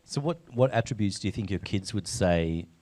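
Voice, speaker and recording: A man's voice: fairly low pitch, animated, a little fast, a little mellow. A man hosting an interview, asking questions and trading self-mocking jokes with his guest. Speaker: host. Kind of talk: conversational interview.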